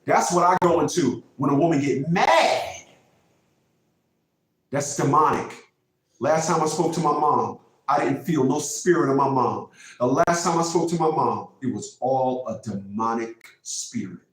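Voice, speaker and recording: A man's voice: medium pitch, animated, a little slow. Man, fifties, vlog host, preachy, emphatic, repetitive, very echoey, distant mic. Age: 50s. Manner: preachy, emphatic, repeats phrases. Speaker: vlogger host. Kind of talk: casual monologue. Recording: very echoey room, mic far off.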